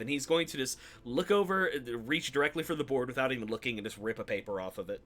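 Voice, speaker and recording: A man's voice: medium pitch, fast talker, hardly any pauses, a bit bright, soft background music. A man playing a tabletop game, casually describing what his character does. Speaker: player.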